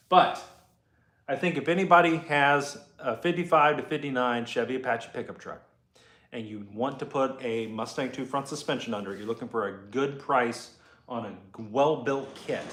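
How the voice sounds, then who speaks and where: A man's voice: mid-range voice, a bit bright, reverberant. A man hosting a casual live chat from his garage, answering viewer comments as he rambles, laid-back and profane. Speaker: host and car builder.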